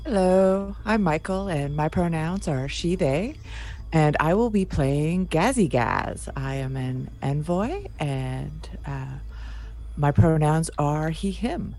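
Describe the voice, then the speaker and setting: A woman introducing her tabletop character, speaking quietly and softly. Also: low-pitched, expressive, takes it slowly. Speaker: player. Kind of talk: casual chat.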